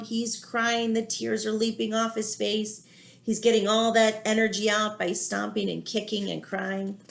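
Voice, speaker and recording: Gentle woman reading a picture book aloud. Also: a little high, gravelly. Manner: gentle, reassuring, explains feelings to children. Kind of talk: children's read-aloud with commentary.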